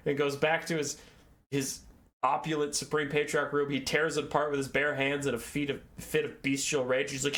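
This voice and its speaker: A man's voice: on the high side, fairly even intonation, fairly quick, a bit bright. Rambling sarcastic young man recapping lore. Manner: rambling, sarcastic, swears and acts out characters. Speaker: lore video host. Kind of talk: casual lore recap monologue.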